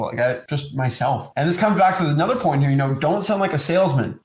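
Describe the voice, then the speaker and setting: A man co-hosting a casual coaching talk on real estate, animated and mimicking sales calls. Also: fairly high pitch, echoey room. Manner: animated, acts out sales calls with mocking voices. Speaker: co-host teaching real estate wholesaling.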